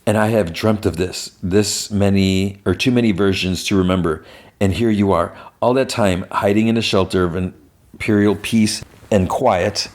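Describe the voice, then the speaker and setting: A cold, stern imperial officer woman, as a man reads her lines in a recap. The voice stays low and only nudges a bit higher for her. Her delivery is clipped and commanding. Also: fairly even intonation, moderate pace, a little mellow, close to an everyday voice.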